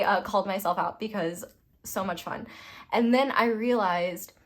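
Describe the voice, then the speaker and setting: A woman's voice: mid-range voice, a little slow. A young woman reading tarot for her viewers in a casual, rambling way, laughing often at her own jokes. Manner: giggly, rambling, self-deprecating. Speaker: tarot reader.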